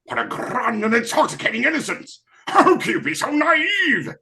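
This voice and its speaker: A performer putting on a hammy, grandiose male villain who claims to be a god, shouting and gloating. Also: medium pitch, big pitch swings, normal speed, gravelly, exaggerated voice. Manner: hammy, shouting, scenery-chewing.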